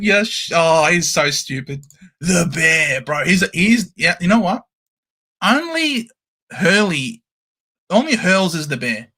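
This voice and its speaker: Man, watchalong stream host, high bright voice, unhurried delivery, shouts at the play. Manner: animated, shouts cheers at the play. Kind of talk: excited live sports commentary.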